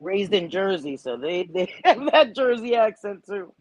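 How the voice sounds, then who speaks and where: An animated woman hosts a casual livestream chat, swearing freely and acting out her own inner voice. Her voice sits at a middle pitch. The sound is dry and close. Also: unhurried, no echo, poor audio. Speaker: host.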